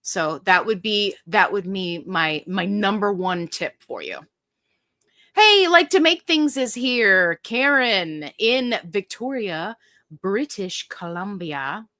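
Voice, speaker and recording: A woman's voice: medium pitch, lively intonation, takes it slowly, pushed and bright, no room sound. A woman hosting a casual live Q&A, upbeat and chatty, reading viewer comments aloud. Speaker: livestream host.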